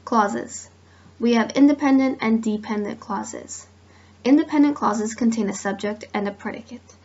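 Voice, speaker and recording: A woman's voice: on the high side, moderate pace. A woman student reading a class presentation on grammar and giving spoken examples. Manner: steady, reads examples aloud. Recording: dull lo-fi recording.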